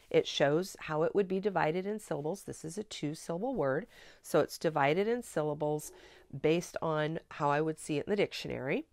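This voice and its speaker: Low-voiced woman teaching spelling. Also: no echo, studio quality. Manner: clear, deliberate, coaching tone. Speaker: spelling method trainer. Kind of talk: instructional teaching demonstration.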